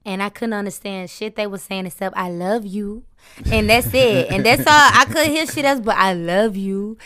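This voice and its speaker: Candid, animated woman rapper. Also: mid-range voice, moderate pace. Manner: lively, profane storytelling with laughs. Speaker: rapper, interview guest. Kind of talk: casual interview chat.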